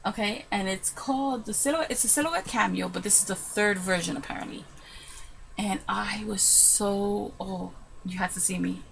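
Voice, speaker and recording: A woman crafting vlogger chats excitedly and retells her story with quoted asides. Her voice has a gravelly, creaky texture at an ordinary middle pitch. There is a faint room hum behind her. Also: normal speed, low-quality recording. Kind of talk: casual storytelling vlog.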